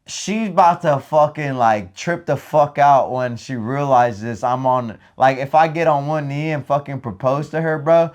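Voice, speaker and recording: A young man telling a story in casual chat, animated and full of profane slang. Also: medium pitch, measured pace, hardly any pauses. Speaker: podcast co-host.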